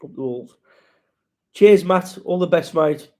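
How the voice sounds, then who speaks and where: A man's voice: sits high, lively intonation, measured pace, a little mellow. A man hosting a casual live-stream chat, rambling and sweary as he greets viewers and reads out their comments.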